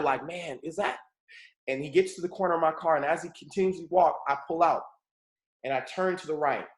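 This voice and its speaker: Earnest man telling a story in an echoey room. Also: a little high. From Pomona, California. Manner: earnest, often addresses listeners as folks and checks in with okay. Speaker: mentor leading a morning call. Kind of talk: motivational personal storytelling. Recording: roomy echo.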